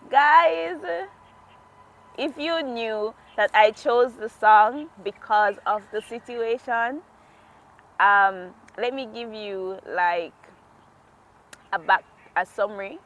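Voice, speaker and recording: A woman's voice: medium pitch, takes it slowly, fairly bright tone. Chatty heartfelt woman sharing testimony. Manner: chatty, laughs often, heartfelt. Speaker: devotional vlogger. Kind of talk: casual personal testimony. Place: outdoors in a quiet natural area.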